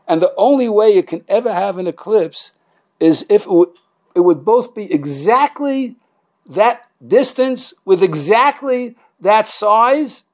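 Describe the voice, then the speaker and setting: A rabbi with a high, gravelly male voice teaches a Torah class, lacing the lecture with humor. He jokes and stays animated, with many restarts and fillers.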